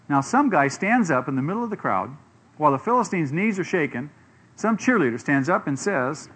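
Animated preacher man, rather high voice. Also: fairly quick, husky. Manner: animated, acts out quoted voices, asks the audience questions. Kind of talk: sermon.

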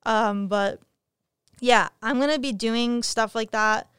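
A woman's voice: a little high, slow pace, fairly bright tone, clean tone, dry recording, clean studio sound. A young adult woman hosting her own podcast in frank, profane, jokey casual chat. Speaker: podcast host.

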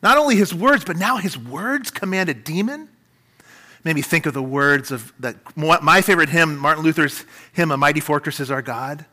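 A man preaching a sermon in an animated way, with dramatic swings in pitch and loudness. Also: normal speed. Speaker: pastor.

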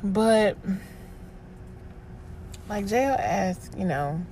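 A woman hosting her own podcast as a personal voice diary, sounding exhausted and halting, often restarting and trailing off. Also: mid-range voice, lively intonation, mellow, slight background noise. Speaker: podcast host.

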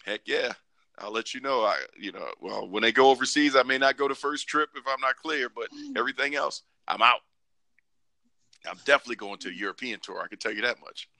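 A man co-hosting a podcast in casual chat, joking and acting out quoted lines in squeaky voices. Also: a little fast, creaky, no room sound. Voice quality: animated, joking, acts out quotes in high voices. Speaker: podcast co-host.

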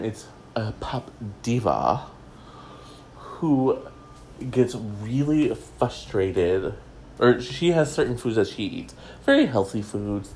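A man's voice: medium pitch, warm tone, a little hiss or hum, poor audio. A man hosting a casual solo gossip show from home, chatty and rambling with a self-mocking streak. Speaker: gossip podcast host.

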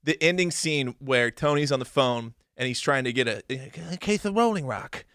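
A man co-hosting a podcast in casual chat, talking quickly and excitably, swearing freely. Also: medium pitch, dry recording, clean studio sound. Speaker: podcast co-host.

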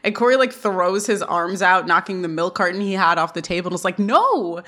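A woman co-hosting a podcast, giving a casual scene-by-scene recap with lots of giggling and animated retelling. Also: fairly low pitch, fairly quick. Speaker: podcast co-host.

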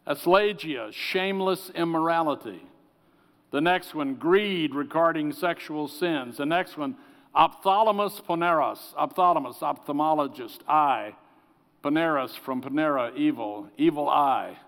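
A man delivers an earnest sermon as pastor, his voice a little higher than most men's. His voice sometimes sinks to soft, pleading tones. It rings out with a long reverb, as in a large church.

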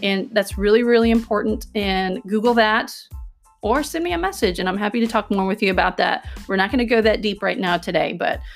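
A woman's voice: mid-range voice, brisk, gravelly, faint music behind. Earnest woman coaching her podcast listeners. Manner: earnest, coaching, checks in with "okay?" and "right?". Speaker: podcast host. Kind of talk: self-help podcast monologue.

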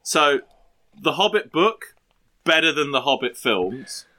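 Guy hosting a podcast, bright voice, jokey self-mocking banter, crappy mic. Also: fairly high pitch, big pitch swings, slow. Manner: joking, self-deprecating banter. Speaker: podcast host. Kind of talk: casual chat. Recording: poor mic, slightly distant.

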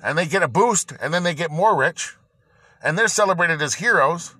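A man's voice: a little high, expressive, normal speed, bright, forceful tone, slightly rough, dry recording. Angry, profane man ranting. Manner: profane, heated, rambling with restarts. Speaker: podcast host.

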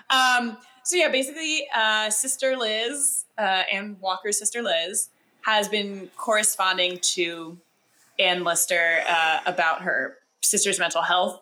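Bright, chatty young woman. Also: medium pitch. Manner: chatty, animated, lots of fillers. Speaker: podcast co-host. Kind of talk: casual chat recapping a TV episode.

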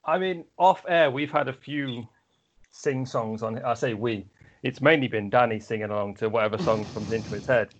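A man's voice: medium pitch, normal speed. A man hosting a sports podcast, putting fan questions to his guest in an easygoing, teasing way. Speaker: podcast host. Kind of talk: casual podcast interview. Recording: dull lo-fi audio.

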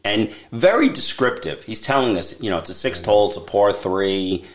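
A man's voice: lowish voice, animated, normal speed, a crowd in the background. A middle-aged man co-hosting a podcast, telling a story in casual chat and slipping into quoted voices. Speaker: podcast co-host.

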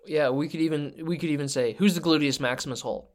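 A man's voice: a little high, quick pace. A man co-hosting a podcast in casual chat, cracking dry, jokey one-liners. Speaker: podcast co-host.

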